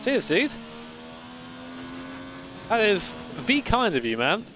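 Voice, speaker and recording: A man's voice: sits high, sing-song, takes it slowly, noisy background. Chatty sweary guy in his late twenties. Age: late 20s. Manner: chatty, swears freely, rambling anecdotes. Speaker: sim racing streamer. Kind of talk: casual live-stream chat.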